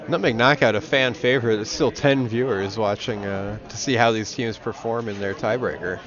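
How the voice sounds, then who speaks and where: A man's voice: on the low side, moderate pace. A man giving casual, dry-humored commentary on a club curling match. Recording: dull audio with crowd behind.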